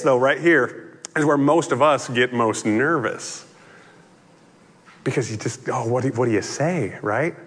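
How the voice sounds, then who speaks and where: A man preaching slowly, his pitch swinging widely as he acts out the story. His voice is a bit husky and rings out with a long reverb in a large hall. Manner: animated storytelling, conversational asides. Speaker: pastor. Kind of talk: sermon.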